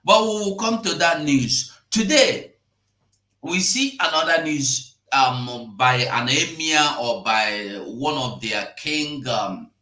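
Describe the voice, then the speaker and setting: A Nigerian man hosts a live-streamed news commentary at an unhurried pace. His voice is bright and forceful, and he circles back on his points and repeats them, often pushing his pitch up sharply for emphasis. The sound carries a noticeable room echo. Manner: rambling, repetitive and emphatic, with sudden rises in pitch.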